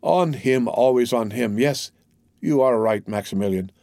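A man voicing a devout, torn young woman who pleads with her lover, read in an earnest, measured way. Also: mid-range voice, vocal fry, warm tone, no room sound, studio quality. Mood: anguished. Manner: earnest, imploring, measured reading. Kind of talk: audiobook character reading.

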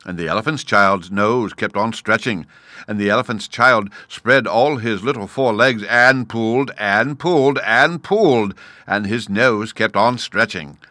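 Male storyteller, measured and expressive, lower voice with a bright, forceful tone. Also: no echo, clean studio sound. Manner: measured, expressive, addresses the listener. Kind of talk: storybook read-aloud.

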